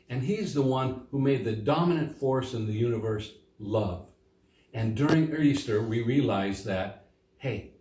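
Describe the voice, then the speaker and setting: In an echoey room, a man with a mid-range, slightly mellow voice teaches young children a Bible lesson. He reads the scripture with a lifted voice on quoted lines and then breaks it down plainly and simply for the kids.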